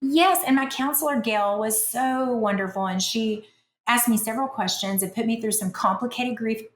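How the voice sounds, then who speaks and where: A woman author talking as a guest on a podcast, telling stories in a chatty, animated way with self-deprecating humor. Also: on the high side, normal speed, echoey room. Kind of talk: conversational storytelling.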